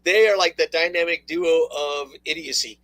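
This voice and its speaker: A man co-hosting a political talk radio show, talking casually with sarcastic, animated asides and laughs. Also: a little high, normal speed, no echo, poor audio. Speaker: co-host.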